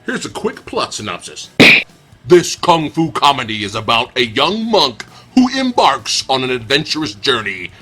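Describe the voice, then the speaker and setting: A man's voice: mid-range voice, bright, forceful tone, slightly rough. A young man giving a casual, profane, sarcastic movie review.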